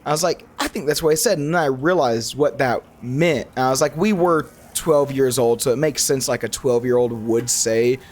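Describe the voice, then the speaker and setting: A man's voice: mid-range voice, normal speed, few pauses. A young man giving casual, rambling commentary as he plays a video game, often restarting his sentences. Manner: rambling, animated, frequent self-corrections. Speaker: gaming YouTuber.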